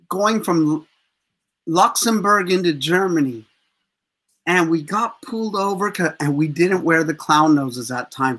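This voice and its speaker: A man in his fifties, a street performer telling profane stories with lots of laughter as a guest. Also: fairly high pitch. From USA. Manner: animated, profane, laughs often. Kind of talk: casual storytelling interview.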